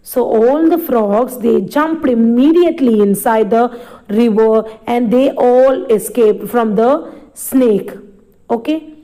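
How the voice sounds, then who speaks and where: A woman's voice: a little high, slow, dark tone, poor audio. A woman teacher reading a story to children and explaining each new word as she goes, repeating lines patiently.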